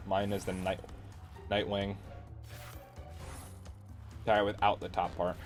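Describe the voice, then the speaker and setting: A man's voice: lowish voice, flat delivery, slow pace, long pauses, soft background music. A man streaming games, chatting casually and ranting sarcastically with plenty of swearing. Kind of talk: casual livestream chat.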